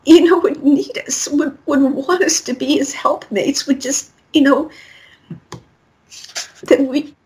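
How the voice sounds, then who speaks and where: A middle-aged woman recounts a personal story as a guest, slipping into the voices of everyone in it. Her voice sits a little high. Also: rough recording. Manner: animated storyteller acting out quotes. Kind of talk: storytelling interview.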